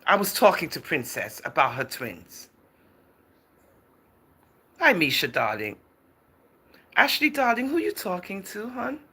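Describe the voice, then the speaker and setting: A woman's voice: mid-range voice, very animated, a little slow, pauses often, bright, forceful tone, husky. A woman hosting a livestream in casual chat, answering viewer comments in a chatty, teasing way, often laughing and calling people darling and girl. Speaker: livestream host.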